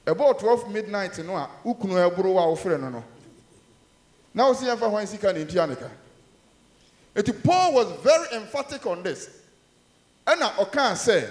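A man with a Ghanaian accent preaching a sermon in a church, mixing Twi and English, emphatic with loud rises and low murmurs. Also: animated, brisk, reverberant.

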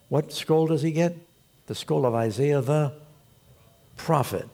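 A man preaching a sermon as pastor, telling the story with animated, storytelling delivery. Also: a little high, vocal fry, breathy edge.

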